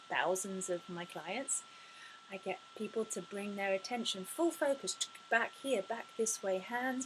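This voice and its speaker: A woman speaks as a spiritual life coach in an inspirational talk to camera. Her voice sits in a mid range, and she comes across as expressive and effusive, with frequent sighs and gasps. A faint hum of ambient noise runs behind her. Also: mid-range voice.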